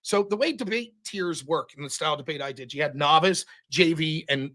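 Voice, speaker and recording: A young man telling a story on his stream in a profane, animated way, as the host of the show. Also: fairly high pitch, fairly quick.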